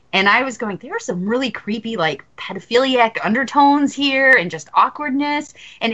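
A woman's voice: lowish voice, sharp tone, lo-fi sound. A woman in her thirties chatting candidly as a podcast co-host, joking and restarting her sentences. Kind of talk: casual podcast chat.

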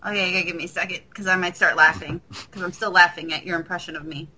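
A woman's voice: lowish voice, steady tone, racing, bright, forceful tone, low-quality recording. A woman co-hosting a comedy podcast, chatting casually and self-deprecatingly. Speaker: podcast co-host.

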